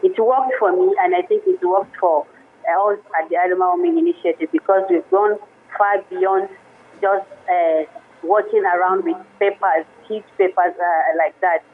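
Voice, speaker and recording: A woman, a lawyer guest on a radio show, speaking haltingly with many restarts. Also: medium pitch, expressive. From Nigeria. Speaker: guest, women's rights lawyer. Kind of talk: radio interview by phone. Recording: phone line into radio studio.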